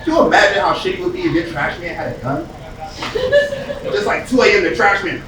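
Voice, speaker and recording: A man's voice: high voice, quick pace, a crowd in the background. A man from the US East Coast doing a profane, conversational stand-up set and acting out characters. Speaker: stand-up comedian. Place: comedy club stage with live audience. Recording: distant echoey club recording with audience noise.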